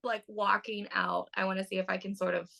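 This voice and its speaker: A woman's voice: medium pitch, little pitch movement, fairly quick, creaky, pushed and bright. A woman playing a tabletop game, speaking in character in a hesitant, rambling way. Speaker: player.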